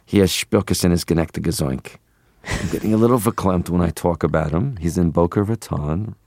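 A man's voice: sits low, brisk, darkish tone, pitched below the performer's own voice. A man putting on a fussing old New York lady. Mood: gossipy. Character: fussing older New York Jewish woman.

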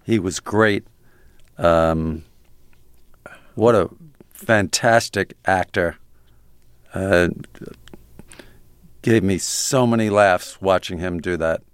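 A man's voice: low-pitched, takes it slowly, long pauses, smooth, no room sound, studio quality. A man being interviewed, telling anecdotes with chuckles and hesitant fillers. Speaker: guest. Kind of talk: interview storytelling.

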